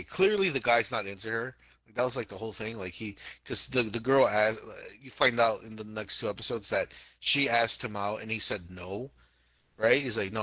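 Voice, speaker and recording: A man co-hosting a podcast in casual chat. His voice is bright and forward, and he talks in an animated, emphatic way, circling back to repeat his points. The sound is dry and close. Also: lowish voice, no echo. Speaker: podcast co-host.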